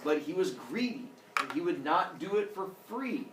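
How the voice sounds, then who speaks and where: A male teacher telling a story to his class in an animated way, acting out characters with sound effects. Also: a little high, normal speed, noisy background. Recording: echoey classroom from far off.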